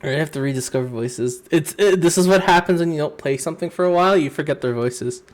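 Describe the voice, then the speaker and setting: Young man, streamer, rambling, slightly high voice, laughs a lot. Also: quick pace. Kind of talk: casual game stream chat.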